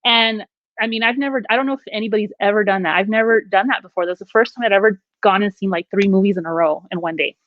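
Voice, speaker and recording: A woman's voice: medium pitch, fast talker, no room sound. A woman telling her own ghost story in casual conversation, acting out the quoted lines as she goes. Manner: animated, acts out quoted lines. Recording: dull, dry lo-fi audio.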